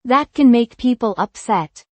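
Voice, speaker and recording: A woman reading an English lesson in a clear, measured way, saying each example phrase twice. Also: a little high, animated, no echo. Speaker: English teacher voice. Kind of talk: slow scripted language-lesson reading.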